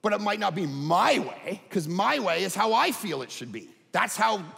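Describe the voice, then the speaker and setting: A middle-aged man, a pastor preaching a sermon, animated and emphatic, dropping to quiet asides. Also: moderate pace, creaky. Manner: animated, swings from loud emphatic highs to low quiet asides. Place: large church hall. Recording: long hall reverb.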